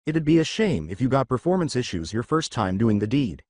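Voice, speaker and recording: A man's voice: mid-range voice, very animated, brisk, darkish tone, dry recording, clean studio sound. A man voicing a flirty, teasing adult woman teacher in a fan story reading. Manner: sultry, teasing.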